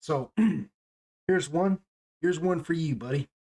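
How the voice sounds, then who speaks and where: A man's voice: on the high side, slow, warm tone. A man voicing a laid-back male troubadour farmer who talks in a drawling country way. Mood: earnest.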